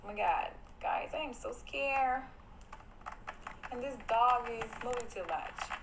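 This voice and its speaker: Jumpy high-voiced woman pleading on stream. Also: unhurried, noisy background. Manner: jumpy and excitable, pleading with viewers and her dog. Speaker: livestreamer. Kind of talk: casual livestream chat. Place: home at night.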